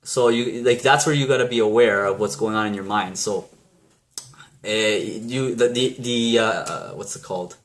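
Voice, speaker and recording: A vlogger with a lowish voice speaks to camera at normal speed. He gives blunt, rambling motivational advice in a casual way, restarting often and swearing mildly.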